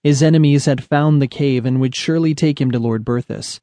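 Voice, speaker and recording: A man reads an adventure audiobook in a steady, measured storytelling manner. His voice sits in an ordinary middle register, and the recording is dry and close to the mic. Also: mid-range voice, no echo. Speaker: audiobook narrator. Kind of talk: scripted audiobook narration.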